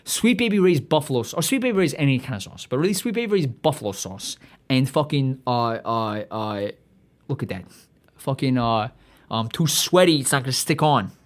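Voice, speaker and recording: A man hosting a podcast in a profane, rambling monologue, excitable and stuffy-nosed, often trailing off and restarting. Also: medium pitch, moderate pace. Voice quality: stuffy nose. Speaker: podcast host.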